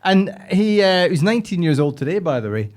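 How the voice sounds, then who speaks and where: A man hosting a football podcast, chatty and quick to laugh. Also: high voice, very animated. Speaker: podcast host. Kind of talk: casual podcast chat.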